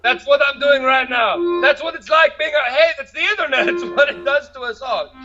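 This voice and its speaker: A man with a strikingly high voice works through an open-mic stand-up set, checking after each joke whether it landed. The sound is dull and lo-fi, with music clearly audible behind him. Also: normal speed. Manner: keeps checking how the audience reacts to his jokes. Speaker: stand-up comedian.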